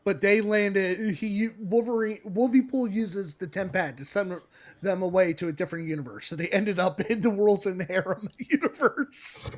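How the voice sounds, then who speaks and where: High-voiced giggly podcast guy. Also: normal speed. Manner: rambling, giggly, laughs often mid-sentence. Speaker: podcast co-host. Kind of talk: casual comic-book recap chat.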